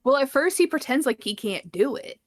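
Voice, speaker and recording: A woman co-hosting a casual movie review podcast, excitable and swearing freely, acting out characters with big jumps in her voice. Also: high-pitched, brisk. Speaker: podcast co-host.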